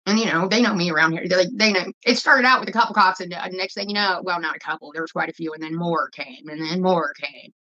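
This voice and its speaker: A woman's voice: lowish voice, fast, hardly any pauses, sharp tone, muffled recording. A woman vlogger telling a rambling, profane story while she cooks. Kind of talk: casual storytelling while cooking.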